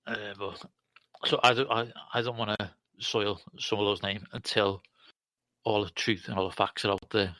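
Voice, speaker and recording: A man, a guest on a live talk show, speaking haltingly with repeated words, hurt and confrontational. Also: lowish voice, flat delivery, bright, forceful tone, dry recording.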